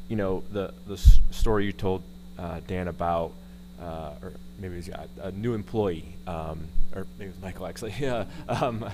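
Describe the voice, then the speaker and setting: A man's voice: sits low, normal speed, background noise. A man in the audience of a conference session, commenting hesitantly with many fillers. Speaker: audience member.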